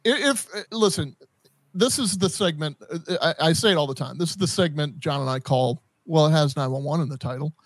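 Stammering, animated podcast host man. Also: a little high, no room sound. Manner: animated, halting, lots of restarts and stammers. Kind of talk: casual chat.

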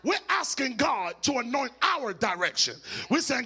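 A man pastor, preaching a sermon that climbs from quiet teaching to shouted, sing-song preaching. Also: very high-pitched, sing-song, moderate pace, gravelly, breathy edge, faint music behind.

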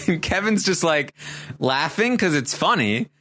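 A man's voice: mid-range voice, slow pace. Guy hosting a podcast recap, voice swings up and down a lot, chatty, lots of ums. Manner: animated storytelling with many fillers and restarts. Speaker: podcast host. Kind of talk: casual recap chat.

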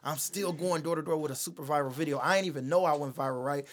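A man in his thirties, a guest comedian, telling a lively slangy anecdote and laughing as he goes. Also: a little high, fast. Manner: lively storyteller, slangy, laughs mid-story. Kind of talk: animated anecdote in a podcast chat.

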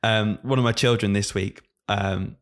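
A man's voice: lowish voice, unhurried. A man in his late twenties, a primary school teacher, chatting casually on a podcast and acting out his pupils. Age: late 20s. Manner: animated storyteller, acts out pupils' voices.

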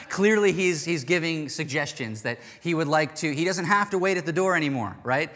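A man's voice: a little high, lively intonation, fast talker, hardly any pauses, a bit bright. A man preaching a casual, chatty sermon to a congregation. He acts out the quoted lines in little voices as he goes. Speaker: pastor. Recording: long hall reverb.

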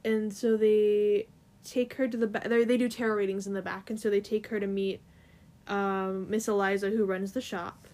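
A woman's voice: medium pitch, little pitch movement, normal speed, darkish tone. A young woman co-hosting a casual chat, rambling through a plot recap with lots of fillers. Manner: chatty, rambling, filler-heavy. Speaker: co-host.

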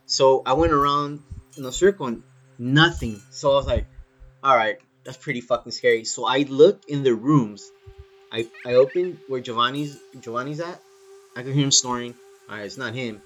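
A man's voice: mid-range voice, moderate pace. A man telling a story in casual chat, swearing freely and saying "dude" all the time. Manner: swears a lot, animated, says "dude" often.

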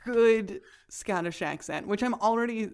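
A woman's voice: mid-range voice, a little slow. A woman co-hosting a podcast in casual chat, playful and self-mocking. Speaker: podcast co-host.

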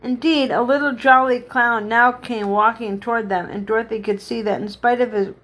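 A woman's voice: on the high side, steady tone, moderate pace, a bit bright. Woman reading a children's story aloud. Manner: unpolished, with restarts. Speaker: reader.

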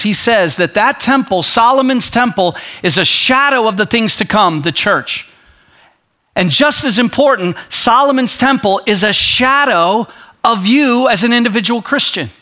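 Bright, high-voiced male pastor preaching. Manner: animated, acts out quoted voices; drops to a soft low voice for emphasis. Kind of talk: sermon.

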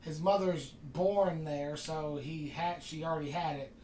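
A podcast host telling a long story in casual chat, rambling and animated, acting out the quoted dialogue. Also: medium pitch, measured pace, a little hiss or hum. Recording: distant mic in an echoey room.

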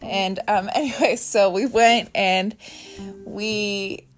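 A woman in her thirties hosts a casual podcast from her bedroom, chatting candidly and swearing freely. Her medium-pitched voice stays steady and slow, with faint music behind her.

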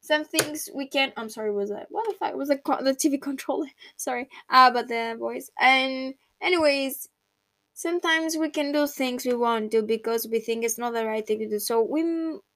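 A woman's voice: sits high, normal speed, dry recording. A young woman hosting a casual solo podcast from home at night, talking in a rambling, heartfelt, reflective way with many restarts. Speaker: podcast host.

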